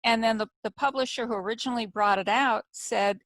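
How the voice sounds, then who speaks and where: A woman author hosting an interview, telling stories in an animated, chatty way. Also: a little high, fairly quick, hardly any pauses, dry recording. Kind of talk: casual conversational interview.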